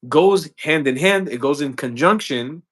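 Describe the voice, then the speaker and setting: A man's voice: on the high side, expressive, measured pace, breathy edge. A man hosting a live stream, speaking earnestly and with passion, often repeating words and restarting lines. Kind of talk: impassioned live-stream commentary.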